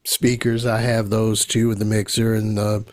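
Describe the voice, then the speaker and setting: A man's voice: on the low side, level tone, normal speed. A man from Los Angeles hosting a podcast, talking in a chatty way full of ums and side remarks. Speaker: podcast host. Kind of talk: casual interview chat.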